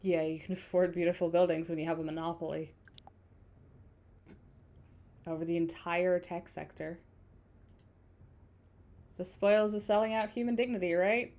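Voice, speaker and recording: A woman's voice: on the low side, fairly even intonation, normal speed, darkish tone, lightly acted. A woman reading the lines of a guarded young woman driver in a video game, with a dry, wry edge. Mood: bitter.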